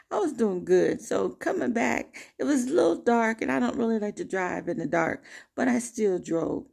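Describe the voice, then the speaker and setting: A woman vlogger telling a personal story to camera in an emphatic, animated way. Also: mid-range voice. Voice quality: gravelly.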